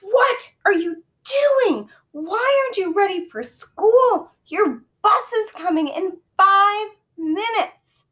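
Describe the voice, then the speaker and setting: A woman reading a children's book aloud, voicing a stern, exasperated mother who scolds loudly and stretches her words. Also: lowish voice, expressive, close to an everyday voice. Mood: scolding. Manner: loud, scolding, drawn-out.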